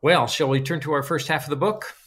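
A man hosting a casual book discussion, summarizing chapters and reading quotes with lively emphasis. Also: fairly high pitch, fairly quick, slightly rough. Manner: relaxed, chuckling, reads quotes with animated emphasis.

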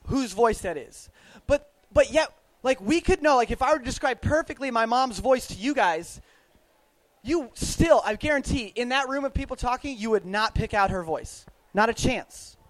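A man's voice: extremely high pitch, dry recording, poor audio. A man, a youth minister, giving a casual, chatty faith talk, laughing often and putting questions to the audience.

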